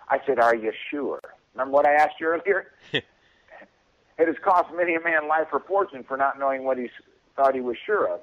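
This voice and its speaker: A man calls in to a radio show and tells a long story at a relaxed, mid-range pitch. He chuckles between lines and acts out what people said to him. The phone line sounds muffled and dull. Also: fairly quick. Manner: chuckling, acts out quoted voices. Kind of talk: casual storytelling.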